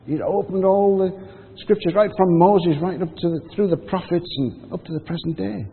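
A man's voice: high voice, fairly even intonation, moderate pace, husky. A man giving a sermon, telling the story in a conversational way and acting out the quotes. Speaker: preacher. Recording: phone-like audio with long hall reverb.

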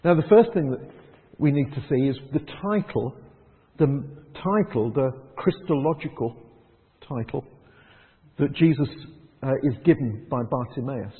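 A man's voice: mid-range voice, expressive, unhurried. A man preaching a conversational sermon, asking the congregation rhetorical questions. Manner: conversational, rhetorical questions, acts out quoted voices. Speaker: pastor. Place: church hall. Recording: tinny phone-like sound in a long-echo hall.

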